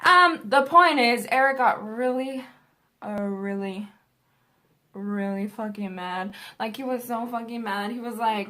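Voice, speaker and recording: A woman's voice: fairly high pitch, a little slow, bright, forceful tone. A young adult woman vlogger telling a story in a casual, rambling, profane way.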